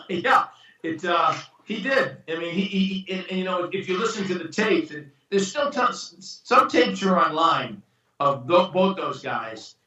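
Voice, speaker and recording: A man's voice: high voice, unhurried, lo-fi sound. A man being interviewed about his screenwriting, telling stories casually and acting out the voices of the people in them. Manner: animated storyteller, acts out quoted voices. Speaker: screenwriter and producer guest. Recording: roomy, distant from the mic.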